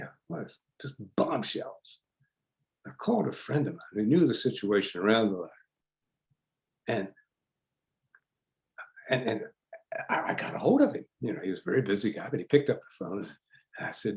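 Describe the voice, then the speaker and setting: In this online workshop recording, an older male psychologist speaks at normal speed in a fairly low, creaky, darkish voice with a sing-song lilt and long pauses. His chatty lecture is full of stories, and he frequently restarts by repeating words.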